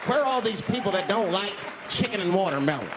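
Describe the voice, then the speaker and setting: A man's voice: high-pitched, expressive, fast talker, noisy background. A man performing a stand-up routine on a comedy stage, telling stories animatedly and jumping into character voices. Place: comedy stage before a live audience.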